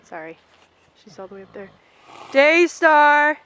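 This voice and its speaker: Slow-talking young woman touring a farm. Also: mid-range voice, heavy background noise. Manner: chatty, calls out to ponies. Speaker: vlogger. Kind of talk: casual farm tour vlog. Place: outdoors on a farm.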